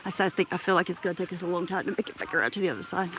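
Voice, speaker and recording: Walking through a crowded park outdoors, a woman live streams on a handheld phone camera, out of breath. Her lowish voice races as she swears casually and laughs a lot, with background noise around her.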